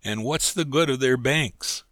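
A man's voice: mid-range voice, a little slow, fairly bright tone, dry recording, clean studio sound, voice pushed up, close to an everyday voice. A man voicing an indignant young man who rants and complains on a river trip in a storybook reading. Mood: grumbling. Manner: ranting, complaining.

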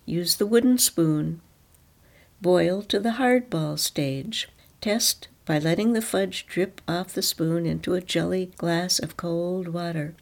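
A woman reading a first-person story aloud in a calm, reflective way. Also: fairly low pitch, takes it slowly, vocal fry.

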